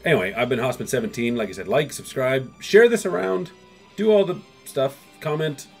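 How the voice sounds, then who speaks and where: A rapid-fire man with a husky, slightly breathy voice runs through old comic issues like he's chatting with a friend. He rambles casually and slips into quick bits of the characters' dialogue. Faint music plays underneath. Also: medium pitch. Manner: rambling, acts out characters' lines in quick asides. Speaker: comics video host. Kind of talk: casual comic history recap.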